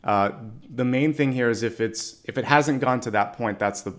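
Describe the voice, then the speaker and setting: A man giving channeled spiritual guidance in a conversational, gently encouraging way, often correcting himself mid-sentence. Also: mid-range voice, moderate pace. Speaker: psychic reader.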